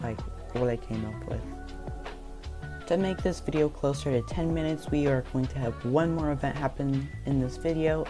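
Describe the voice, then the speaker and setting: A young man casually narrating over a map, loose and unscripted, with frequent ums and quick self-corrections. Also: medium pitch. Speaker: map video creator.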